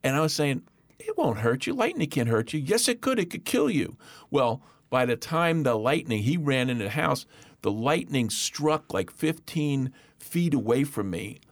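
A middle-aged man telling a personal testimony in a lively, animated way, acting out the voices of the people in his story. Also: mid-range voice, normal speed, no room sound. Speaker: guest.

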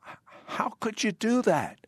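A man's voice: high-pitched, very animated, unhurried, husky, no echo, studio quality. A man hosting an interview, asking questions and speaking emphatically, often stammering as he begins. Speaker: host. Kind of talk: interviewing a guest.

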